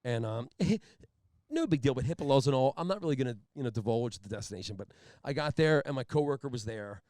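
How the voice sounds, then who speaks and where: A man from Pennsylvania co-hosting a podcast, telling a comic story in a rambling, deadpan way. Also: medium pitch, brisk, no room sound, studio quality. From Pennsylvania, USA. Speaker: podcast co-host.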